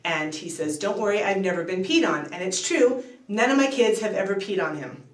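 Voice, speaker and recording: Woman telling a funny family story, gets all animated, sounds far off in an echoey room. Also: medium pitch, a little fast. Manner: animated, rising to excited exclamations. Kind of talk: casual storytelling. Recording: echoey room, distant mic.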